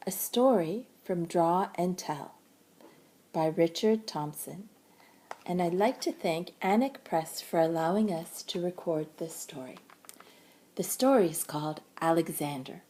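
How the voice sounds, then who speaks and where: A woman reads a picture story aloud to young children, taking it slowly and gently. Her voice is soft and airy, and her pitch rises and falls expressively. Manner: gentle, warm-toned teacherly narration. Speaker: librarian reading to children.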